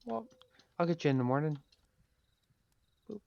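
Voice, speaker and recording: A man's voice: mid-range voice, a little fast, dry recording. A man playing a tabletop game, casual and joking. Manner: playful, joking. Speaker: player. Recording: dull dry close sound.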